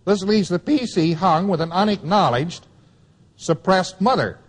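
A man's voice: high-pitched, measured pace, big-room sound. A man giving a taped lecture to students, emphatic and wry, repeating key phrases for weight.

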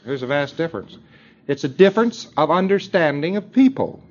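A man's voice: fairly high pitch, sing-song, fairly quick. Rambling male lecturer on dull old tape. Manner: rambling, filler-heavy, acts out dialogue. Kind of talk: lecture to students.

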